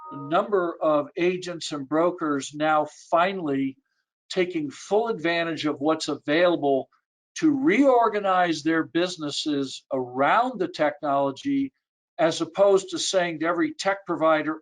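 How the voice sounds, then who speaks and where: Casting: male industry analyst, somewhat high pitch, measured delivery, video call audio. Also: low-quality recording. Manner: measured, data-citing. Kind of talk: webinar panel talk.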